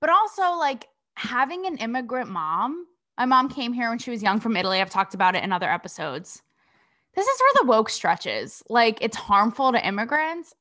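A young Connecticut woman hosts a casual commentary podcast in a bright, tense voice set a little high for a woman, with big pitch swings at normal speed. She's blunt and sassy, swearing freely and firing off rhetorical questions.

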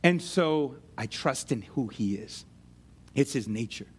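A man preaching a sermon, animated and conversational, with casual slang and asides to his congregation. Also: mid-range voice, measured pace, husky. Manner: conversational, uses slang like "ain't" and "dude". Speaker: pastor.

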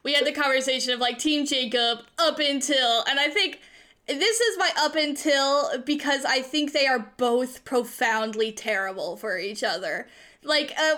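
A young woman with a high, bright, sharp voice in a casual podcast chat. She rants with excitable energy, swears freely and laughs as she goes.

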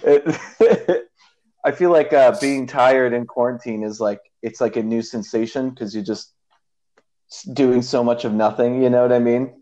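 A laid-back man from the Midwest hosts a podcast, chatting loosely with plenty of fillers and easy laughs. His voice sits at an ordinary middle pitch, and the recording sounds a bit dull and lo-fi. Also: a little slow, mellow. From American Midwest. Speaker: podcast host. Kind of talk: casual chat.

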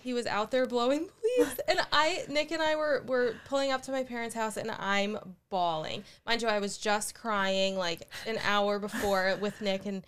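A young woman sharing an emotional story in casual podcast chat. Her voice is clear and smooth, and it sits a little high. She talks earnestly and with feeling. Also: normal speed, hardly any pauses, fairly bright tone. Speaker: podcast co-host.

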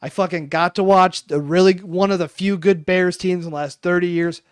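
A young man tells a story on a podcast, swearing freely and acting out each person in it. His voice sits a bit high for a man and comes across dry and close, with no room around it. His telling is lively and casual. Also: moderate pace, clear, resonant tone, no room sound. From Chicago area, United States. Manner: animated, swears a lot, acts out quoted voices. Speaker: podcast co-host.

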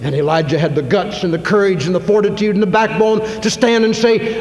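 A man preaching a sermon in a church, telling a story with acted-out voices that swing from shouts to whispers. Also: fairly high pitch, fast talker. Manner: dramatic storytelling, acts out quotes, rising to shouts then dropping to whispers. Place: church sanctuary. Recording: long hall reverb, faint hum.

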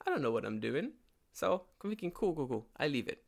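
A man's voice: fairly high pitch, big pitch swings, fairly quick, vocal fry. A man telling a story in casual chat, swearing often, laughing, and acting out both sides of a phone call. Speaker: storyteller in a conversation. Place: lives and works in Japan.

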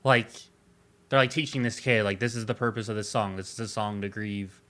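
A man's voice: lowish voice, fairly even intonation, brisk, a bit bright. A man co-hosting a casual music podcast, explaining ideas about art with lots of "like". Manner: analytical, heavy use of "like". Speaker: podcast co-host.

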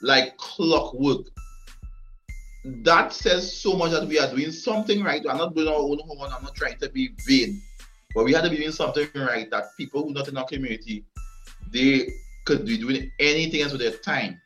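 A man's voice: mid-range voice, normal speed, fairly bright tone. Man, show host, emphatic, repeats himself, faint music behind. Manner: emphatic, repeats words while building points. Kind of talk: casual chat. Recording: dull lo-fi audio.

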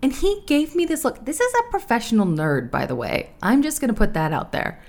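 A woman in her thirties hosting a podcast, chatting candidly and laughing often, with a profane, animated way of telling stories. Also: fairly high pitch, a little fast. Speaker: podcast host. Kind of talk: casual podcast chat.

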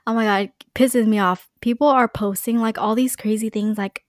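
A young woman chats casually on a podcast, saying "like" and "you know" a lot. Her voice is on the high side with a steady tone and normal speed, captured in clean studio sound with no room sound.

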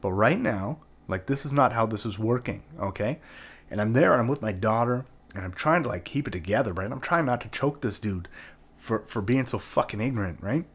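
A man's voice: mid-range voice, lively intonation, brisk, breathy edge. A man from Canada telling a personal anecdote in a casual, profane, rambling way, full of "like" and "right?". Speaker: storyteller.

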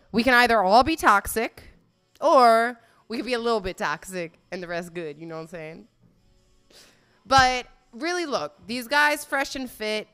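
Blunt, lively woman with a smooth voice. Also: on the high side. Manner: blunt, profane, laughing. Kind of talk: casual commentary.

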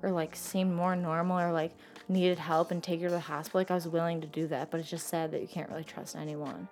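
A woman's voice: low voice, level tone, fast talker, a little mellow, faint music behind. A young woman telling a personal story in casual talk, rambling and saying "like" constantly. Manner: says "like" constantly, rambling and emotional. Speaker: interviewee telling her story.

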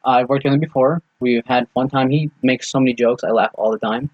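A young man with a slightly husky voice talks casually and swears freely, acting out bits of dialogue as he tells a story. His pitch sits in the middle, and the recording is dry and a little dull. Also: steady tone, a little fast, dry recording. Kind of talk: casual chat.

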